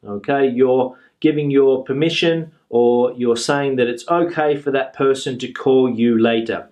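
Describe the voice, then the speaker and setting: A man teaching a grammar lesson, explaining slowly and patiently and repeating each example sentence. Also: fairly high pitch, a little mellow. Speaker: English teacher.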